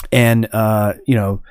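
A man hosting a podcast in casual chat, relaxed and conversational, given to laughing. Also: on the low side, drawn-out words, no room sound, studio quality. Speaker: podcast host.

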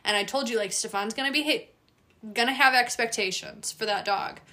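Woman host, dog trainer, bright and animated, casual and profane. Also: on the high side, fairly quick. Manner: animated, swears freely, acts out dog voices. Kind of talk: casual chat.

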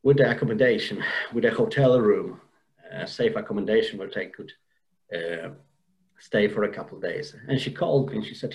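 A man with a fairly low, slightly mellow voice speaks briskly as a podcast guest, earnestly recounting an emotional personal story in an interview. He restarts often and repeats words. The audio is rough.

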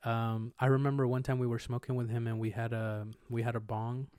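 A man's voice: mid-range voice, level tone, brisk, darkish tone, smooth, dry recording, studio quality. A young man co-hosting a podcast, telling rambling, slangy stories and acting out quotes with swearing. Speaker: podcast co-host. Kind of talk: casual storytelling chat.

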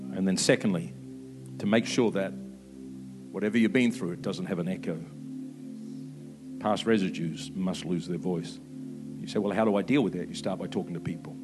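A fifty-something pastor preaches with fervor, his lowish voice climbing to emphatic peaks before sinking quiet again. Soft music plays under his words throughout. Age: 50s. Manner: impassioned preaching, rising to emphatic peaks then dropping soft. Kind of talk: sermon.

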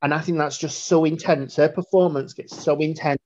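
A man's voice: fairly high pitch, steady tone, moderate pace, darkish tone, dull audio. A man co-hosting a casual film discussion podcast, talking bluntly and swearing freely. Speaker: podcast co-host.

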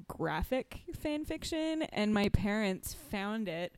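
A woman's voice: medium pitch, slow pace, clean tone, no room sound. A young adult woman co-hosting a podcast, telling stories with laughter in casual chat. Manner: animated, laughing storyteller. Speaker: podcast co-host.

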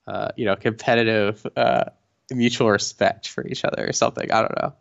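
A young man with a low, gravelly edge to his voice chats casually as co-host, stumbling through fillers and restarts. The recording sounds dull and lo-fi, like a home setup. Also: fairly even intonation. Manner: halting, many fillers and restarts, laughs often. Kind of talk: casual chat about reality TV.

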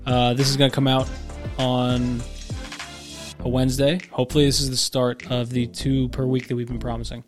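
A man's voice: medium pitch, moderate pace, music in the background. A man co-hosting a casual podcast, telling stories with lots of swearing and acting out the people he quotes. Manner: animated storyteller, swears, acts out people he quotes. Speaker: podcast co-host.

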